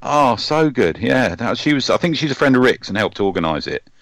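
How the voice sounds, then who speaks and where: A man's voice: medium pitch, very animated, fairly quick, a bit bright, no room sound. A man hosting a podcast, chatting casually and rambling with lots of ums and restarts. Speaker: podcast host. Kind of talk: casual chat.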